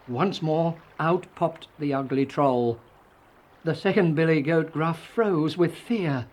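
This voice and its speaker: A storybook narrator reading a children's fairy tale slowly and gently. The voice sits at an everyday middle pitch. Each sentence is given room to land.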